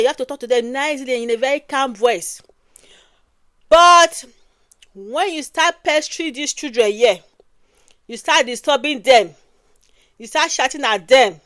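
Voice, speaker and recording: A Nigerian woman with a high, fairly bright voice and a Nigerian accent offers emphatic, casual commentary. She repeats phrases and tends to close her lines with "oh." The recording has no echo.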